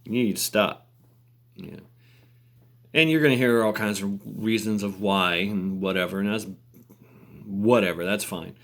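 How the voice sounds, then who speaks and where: A man's voice: on the low side, measured pace, long pauses. A man ranting casually on camera, rambling with fillers, restarts and laughter. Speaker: vlogger. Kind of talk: casual rant.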